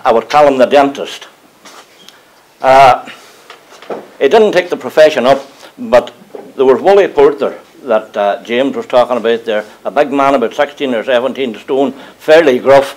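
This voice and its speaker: At a community gathering, an older local man with a Northern Irish accent recalls his mill days, telling humorous yarns to a live audience and chuckling as he goes. His mid-range voice is a little mellow, and the audio is poor.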